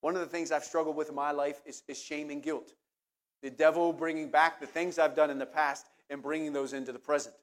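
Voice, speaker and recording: High-voiced man preaching a sermon. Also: fairly even intonation, a little fast. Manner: earnest, repeats words while searching for them. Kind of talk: sermon with personal anecdote.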